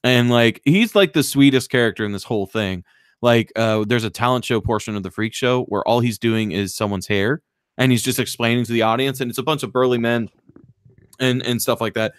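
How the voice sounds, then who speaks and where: A man on a podcast excitedly retelling a movie plot, acting out the lines in raised voices and swearing freely. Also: mid-range voice, brisk, clear, resonant tone, dry recording, studio quality. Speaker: podcast co-host. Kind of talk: casual chat, retelling a movie.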